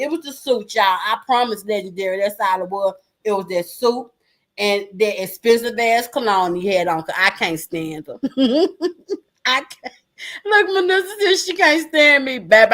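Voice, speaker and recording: Loud, frank woman in her forties. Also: medium pitch. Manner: frank, loud, laughing storyteller. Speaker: livestream host. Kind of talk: casual chat with viewers.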